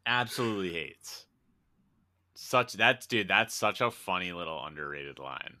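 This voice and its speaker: A man's voice: low voice, animated, a little slow, sharp tone, no echo, clean studio sound. A young man co-hosting a casual movie podcast, laid-back and profane, laughing as he retells scenes. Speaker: podcast co-host. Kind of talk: casual movie-review chat.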